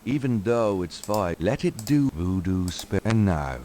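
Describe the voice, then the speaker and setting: A man's voice: fairly low pitch, animated, a little slow, dark tone, slight background noise. An actor playing a young man posing as a priest in a video game, mock-solemn and sweet-talking. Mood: coaxing.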